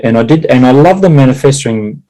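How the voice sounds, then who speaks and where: A man talking in a casual conversation, halting with many restarts and laughing often. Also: medium pitch, lively intonation, dark tone, rough recording. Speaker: guest.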